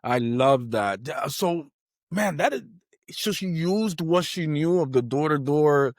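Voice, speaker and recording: A man hosting an interview, enthusiastic and halting, full of restarts and affirmations. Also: fairly high pitch, lively intonation, no room sound, studio quality. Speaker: podcast host. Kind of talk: casual interview chat.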